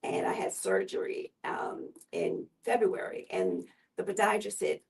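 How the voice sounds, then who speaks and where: A woman guest with a gravelly voice telling her personal story in an earnest, unhurried way. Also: medium pitch, huge pitch swings, darkish tone, in a whisper, distant mic, poor audio. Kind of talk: personal testimony in conversation.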